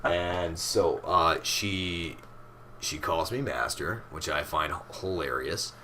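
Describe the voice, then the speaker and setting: Deep, bright-voiced man chatting casually. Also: slow, faint music behind. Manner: chatty, swears casually, rambling with restarts. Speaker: podcast co-host. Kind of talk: casual chat.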